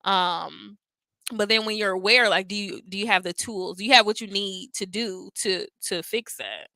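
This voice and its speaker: A woman co-hosting a casual podcast chat, who teaches kindergarten and talks in an animated way, laughing often. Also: mid-range voice, moderate pace, no echo. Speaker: co-host.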